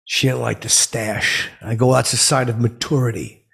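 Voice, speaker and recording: Touchy middle-aged blowhard, played by a man; husky, gravelly delivery, rambling and self-serious, medium pitch. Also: fairly even intonation, normal speed, fairly bright tone. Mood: indignant. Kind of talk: comic character monologue.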